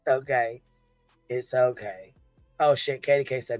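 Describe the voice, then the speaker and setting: Laughing, cursing livestream host. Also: male voice, medium pitch, takes it slowly, pauses often, no echo, soft background music. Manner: profane, laughing, banter with chat. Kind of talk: casual livestream chat.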